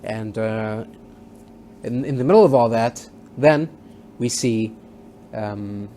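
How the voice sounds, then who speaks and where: A man's voice: on the low side, takes it slowly, warm tone, a little hiss or hum. Rambling man recapping a TV episode. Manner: rambling, with many fillers and restarts. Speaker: TV show reviewer. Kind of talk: casual spoken episode recap.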